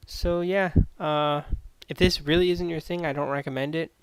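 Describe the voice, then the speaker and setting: A man rambles through a casual spoken review, swearing freely and staying sardonic. His voice is smooth and resonant. The recording is dry and close. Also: a little high, steady tone, moderate pace, no echo, rough recording. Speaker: anime reviewer.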